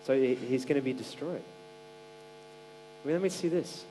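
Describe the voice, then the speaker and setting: Brief: male preacher, casual sermon, conversational and full of fillers, mellow tone, faint hum behind. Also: mid-range voice, normal speed, poor audio. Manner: conversational, many "like" fillers and restarts.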